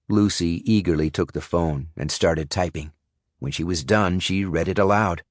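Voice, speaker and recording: A man reading a thriller audiobook in first person, measured and suspenseful. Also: deep voice, no room sound, studio quality. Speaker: audiobook narrator. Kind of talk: scripted audiobook narration.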